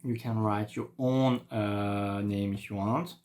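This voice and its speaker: Man with a French accent, a French teacher, unhurried and patient, mid-pitched, thinking aloud as he writes. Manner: slow, patient, thinking aloud while writing. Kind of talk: online language lesson.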